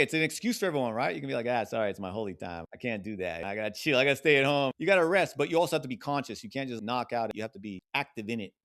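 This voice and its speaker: A man's voice: a little high, fairly bright tone. A man giving a casual spiritual talk as a teacher, rambling, repeating his phrases and laughing between points.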